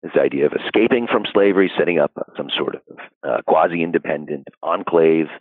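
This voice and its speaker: A man explaining history in an interview, thoughtful and unhurried, with frequent fillers. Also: a bass voice, no room sound. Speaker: historian guest. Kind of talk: academic interview answers. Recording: dry, phone-like audio.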